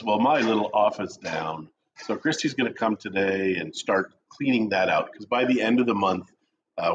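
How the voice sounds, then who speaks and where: A middle-aged man with a lowish voice co-hosts a real estate chat show, joking around and telling animated stories over casual coffee. The dull lo-fi stream audio has a noisy background.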